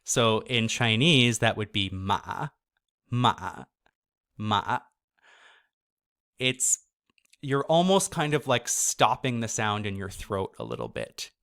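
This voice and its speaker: Guy teaching a course, talks slow and sounds out each syllable, kinda casual with little self-corrections. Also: medium pitch, sing-song, fairly bright tone, clear, resonant tone. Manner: demonstrates syllables by sounding them out slowly. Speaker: course instructor. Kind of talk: slow explanatory lesson.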